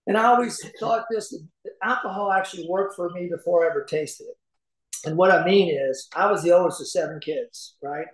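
A middle-aged man from Kentucky telling personal recovery stories in a folksy way, acting out the voices in them. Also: fairly high pitch. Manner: folksy storyteller, acts out voices, chuckles often. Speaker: speaker at a recovery meeting. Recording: echoey room.

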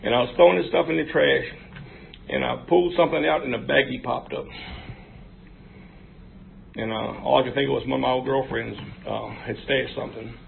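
A man's voice: mid-range voice, fairly quick, gravelly, pauses often. A man giving a frank, folksy recovery testimony, full of fillers. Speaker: speaker sharing at a recovery meeting. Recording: tinny phone-like recording, faint hiss.

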